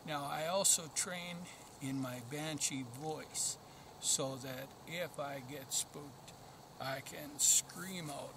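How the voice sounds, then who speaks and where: A man's voice: fairly high pitch, fairly even intonation, slow pace, noisy background. A man explaining dog training in a plainspoken, practical way while out in open country. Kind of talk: outdoor training vlog.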